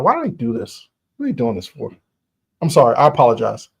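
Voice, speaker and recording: A man hosting a live stream, giving an impassioned, preachy motivational talk in casual slang, repeating phrases for emphasis and talking straight to his viewers. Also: medium pitch.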